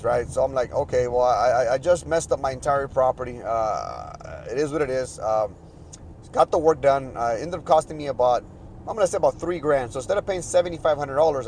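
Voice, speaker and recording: Animated man ranting on a podcast. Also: fairly high pitch, slight background noise, rough recording. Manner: animated, frustrated, rambling with restarts. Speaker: podcast host. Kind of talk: casual storytelling monologue.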